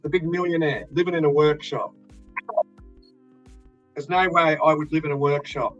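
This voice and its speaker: A man's voice: a little high, steady tone, moderate pace, a bit bright, lo-fi sound, soft background music. An Australian man in blunt, profane casual chat, ranting with fired-up energy.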